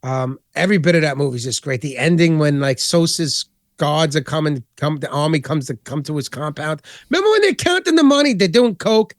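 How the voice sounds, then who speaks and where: A man's voice: fairly high pitch, a little fast, no echo, studio quality. A man co-hosting a podcast, chatting casually about movies and retelling scenes with lots of swearing and energy. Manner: profane, animated retelling of scenes. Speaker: podcast co-host.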